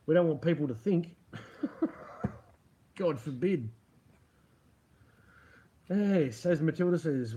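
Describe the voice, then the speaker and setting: A man's voice: on the high side, lively intonation, slow pace, long pauses, dark tone, husky, lo-fi sound. A middle-aged man hosting a casual livestream and talking to his chat, rambling and profane, laughing often and sarcastic. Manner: sarcastic about media. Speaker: livestream host reading chat.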